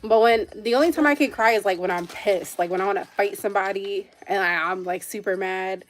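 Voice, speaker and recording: A woman's voice: mid-range voice, a little fast. Woman rambling through a phone livestream. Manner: rambling, emotional storytelling with frequent "like". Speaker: livestream host. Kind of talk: casual livestream chat.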